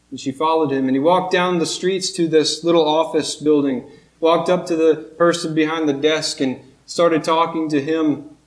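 Male preacher, earnest and emphatic, slow pauses, somewhat higher voice, roomy sanctuary sound. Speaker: pastor. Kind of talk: sermon. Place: church sanctuary. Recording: echoey church room.

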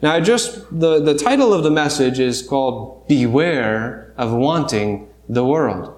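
A man's voice: medium pitch, animated, measured pace, darkish tone, roomy sound. A man preaching a sermon in a church, talking through scripture in a conversational way with restarts and rhetorical questions. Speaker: pastor. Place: church sanctuary.

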